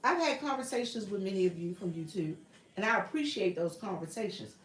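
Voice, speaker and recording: A woman's voice: medium pitch, expressive, a little fast, fairly bright tone, reverberant, far from the mic, slight background noise, rough recording. A woman with a Southern US accent hosting a casual livestream chat from her workshop, earnest and repetitive, calling her viewers y'all. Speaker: YouTube livestream host. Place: home workshop with a printer running.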